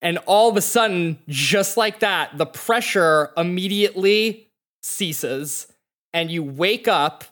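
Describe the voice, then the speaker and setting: A man running a tabletop role-playing game, narrating scenes slowly and deliberately. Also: on the high side, a bit bright. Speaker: game master.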